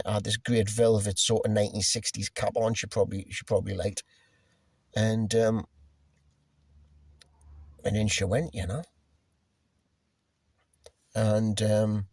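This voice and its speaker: A man's voice: on the low side, creaky, darkish tone, husky, no echo, clean studio sound. A man casually telling a personal story, rambling and swearing, with lots of restarts and fillers. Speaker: musician telling a personal anecdote.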